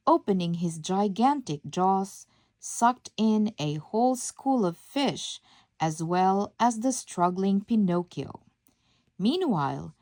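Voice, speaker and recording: A woman narrating a children's storybook aloud in a measured, expressive reading. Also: medium pitch, dry recording. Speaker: storybook reader.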